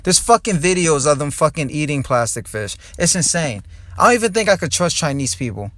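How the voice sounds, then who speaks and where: A man's voice: a little high, lively intonation, brisk, fairly bright tone, no echo, studio quality. A young man from New Jersey, a comedian hosting his own podcast, ranting heatedly and with lots of profanity from his car. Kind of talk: angry ranting podcast monologue.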